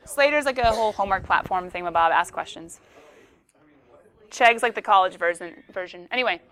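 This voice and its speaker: A woman's voice: medium pitch, a little fast, fairly bright tone. A woman teaching a classroom math lesson, playful and joking with her students as she works a problem.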